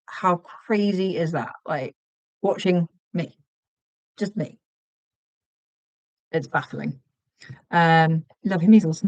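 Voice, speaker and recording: A woman hosting a casual livestream while she crochets. She chats, gets sidetracked, and counts her stitches out loud. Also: medium pitch, unhurried, pauses often, no room sound. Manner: chatty and easily sidetracked, counts stitches aloud. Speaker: livestream host.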